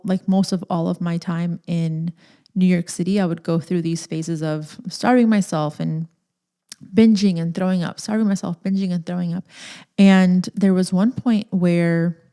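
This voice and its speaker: Mellow-voiced young woman, candid confession. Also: fairly low pitch. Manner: candid and emotional, lots of "like" fillers. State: nervous, close to tears. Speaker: podcast host. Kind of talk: confessional personal storytelling.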